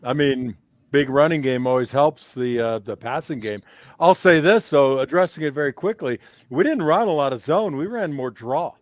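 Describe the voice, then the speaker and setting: A man's voice: medium pitch, animated, moderate pace, no echo. A man co-hosting a casual sports talk show, a former player given to joking, teasing banter. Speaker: co-host, former football player.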